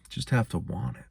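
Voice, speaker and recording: A man's voice: mid-range voice, gravelly, darkish tone, breathy edge. A young man hosting his own show, musing in a laid-back, rambling way. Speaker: host. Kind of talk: casual monologue.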